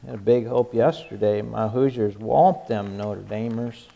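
A man's voice: fairly low pitch, fairly even intonation, unhurried, vocal fry, dark tone. A male pastor giving a folksy, conversational sermon, joking and often restarting his sentences.

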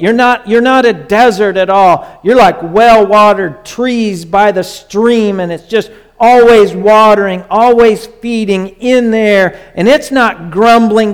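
A man preaching a sermon, moving between hushed, soft lines and raised, urgent pleading. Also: high-pitched, unhurried, few pauses, clear, resonant tone. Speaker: pastor.

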